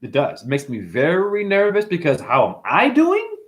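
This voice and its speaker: A man ranting profanely to his livestream chat, often mimicking customers in high voices. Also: huge pitch swings, normal speed, a bit bright. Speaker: livestream host. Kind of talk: rambling livestream rant.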